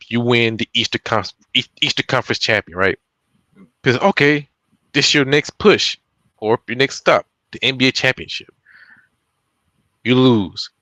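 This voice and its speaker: A man's voice: medium pitch, fairly bright tone, dry recording. Guy on a podcast laying out his point with comparisons, dry close sound. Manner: explains with step-by-step comparisons. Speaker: podcast co-host. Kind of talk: casual chat.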